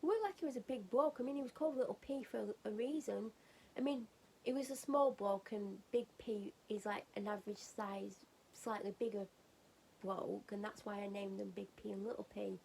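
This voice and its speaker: A woman's voice: medium pitch, a little fast, gravelly, warm tone, slight background noise, poor audio. A woman vlogging at home while getting ready for bed, telling a rambling funny story in a casual chatty way and laughing at it.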